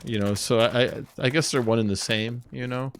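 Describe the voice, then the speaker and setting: A man's voice: steady tone, brisk, fairly bright tone, clear, resonant tone. A man chatting casually while playing a game, laughing as he retells comedy bits. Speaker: gameplay streamer. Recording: noisy with engine rumble.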